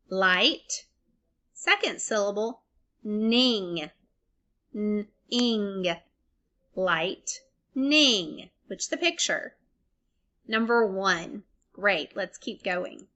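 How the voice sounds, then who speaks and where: A young adult woman teacher giving a recorded phonics lesson to young children, breaking words into sounds and syllables clearly and encouraging them. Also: medium pitch, sharp tone.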